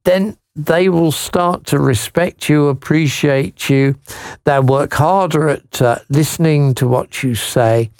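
A man hosting Christian radio, gently reading a listener's letter, encouraging her with tag questions, and praying. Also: on the high side, takes it slowly, no room sound.

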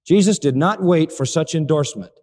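A man preaching a sermon, animated and dramatic, acting out the lines he quotes. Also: on the high side, fairly quick. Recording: long reverb of a large hall.

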